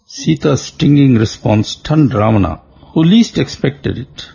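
A man narrating an epic tale in a formal, deliberate storytelling manner, heard on a dull lo-fi recording. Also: mid-range voice, animated, vocal fry, mellow, husky.

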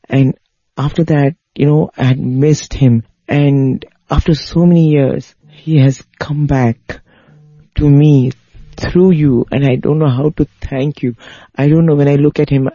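A man voicing an emotional, burly German man, talking in a raised, rushing, earnest voice. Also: medium pitch, big pitch swings, dark tone, breathy edge, dry recording, pitched above the performer's own voice, full character voice. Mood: overwhelmed. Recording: dull lo-fi recording.

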